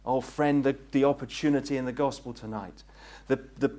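A man preaching a gospel sermon, earnest and pleading, rising to fervent peaks and then dropping low. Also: steady tone, brisk, mellow. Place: meeting hall.

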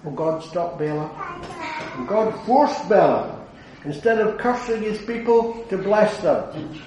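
A man preaching an earnest evangelistic sermon, building to fervent declarations and then dropping low. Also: animated, unhurried, darkish tone, slight background noise. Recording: very echoey hall, heard from a distance.

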